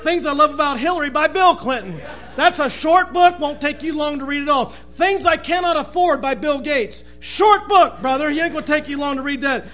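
Male preacher, very high bright voice, folksy joker who keeps saying amen. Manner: folksy, says "amen" and "brother" often, laughs at own jokes. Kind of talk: joking sermon opening.

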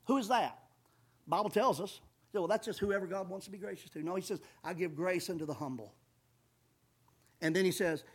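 A man preaching a sermon, emphatic, swelling loud on key phrases and calling his listeners folks. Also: high voice, expressive, normal speed, husky. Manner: calls audience folks, says amen often.

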